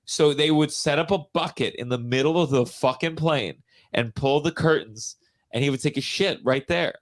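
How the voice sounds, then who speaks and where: Guest comic, male, slightly high voice, story-driven chatter. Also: normal speed. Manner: storytelling, animated anecdotes. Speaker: guest comedian. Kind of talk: casual comedy chat.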